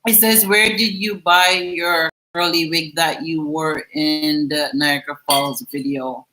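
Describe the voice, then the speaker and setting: A woman's voice: deep voice, steady tone, a little slow, pushed and bright, roomy sound, rough recording. A Jamaican woman hosting a vlog, chatting casually and laughing as she reads viewer comments, slipping into patois phrases. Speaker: vlog host.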